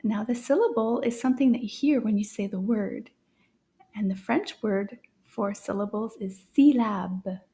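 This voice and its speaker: A woman teaching a children's French lesson in a cheerful, sing-song way, speaking slowly and clearly for young learners, sometimes dropping to a soft whisper. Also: mid-range voice, steady tone. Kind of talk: kids' language lesson.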